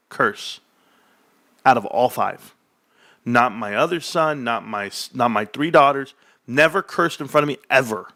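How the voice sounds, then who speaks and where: A man's voice: mid-range voice, sharp tone, no echo, studio quality. A man in his forties hosting a livestream, rambling and joking in casual, profane chat. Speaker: livestream host.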